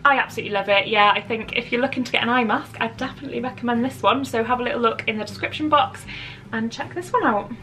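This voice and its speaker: A woman's voice: a little high, quick pace, pushed and bright, slight background noise. A woman chatting casually to camera about beauty favourites at home, giggling often and poking fun at herself. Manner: chatty, giggly, self-deprecating. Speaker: beauty vlogger. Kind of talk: casual product chat to camera. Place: at home, seated indoors.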